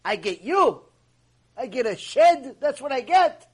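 A man voicing a humble, sorrowful old sage who laments his own lowliness. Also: very animated, a little slow, husky, exaggerated voice. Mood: lamenting. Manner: lamenting, self-deprecating.

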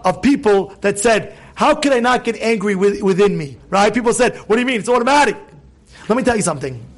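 A man preaching as a rabbi to a live group, emphatic and full of rhetorical questions. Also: extremely high pitch. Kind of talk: sermon.

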